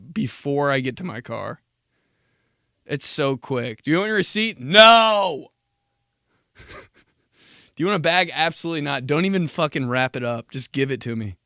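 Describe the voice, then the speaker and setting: A man's voice: medium pitch, vocal fry, fairly bright tone, dry recording, clean studio sound. A young man hosting a casual solo podcast, rambling through profane stories and laughing at his own jokes. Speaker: podcast host.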